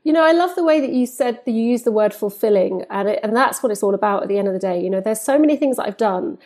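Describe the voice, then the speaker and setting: A woman in her forties, a football presenter, telling stories in an animated way in a podcast interview and acting out the dialogue she quotes. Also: a little high, fast. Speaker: football presenter and reporter, guest.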